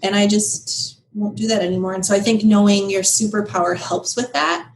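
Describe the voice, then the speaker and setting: A woman guest in a podcast interview, talking candidly and animatedly with frequent laughter and quick asides. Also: mid-range voice, steady tone, low-quality recording. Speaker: guest, business founder. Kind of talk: casual interview conversation.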